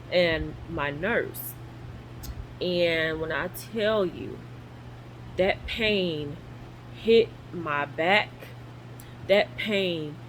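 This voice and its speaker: Woman, lively storyteller who acts out everyone she quotes, recorded in a guest room at home with a faint hiss. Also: lowish voice, low-quality recording. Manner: animated, acts out quoted voices. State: in recovery, sore. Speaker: vlogger. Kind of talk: casual storytelling.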